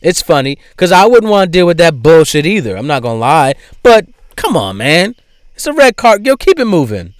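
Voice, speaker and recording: A man giving casual commentary in a profane, animated way, swinging between loud outbursts and low asides. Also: moderate pace, no echo, clean studio sound. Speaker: vlogger.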